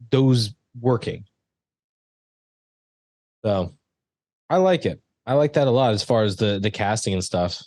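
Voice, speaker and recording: A man hosting a casual film podcast, talking in halting bursts full of fillers and restarts. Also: mid-range voice, darkish tone, no echo. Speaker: podcast host. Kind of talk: casual chat.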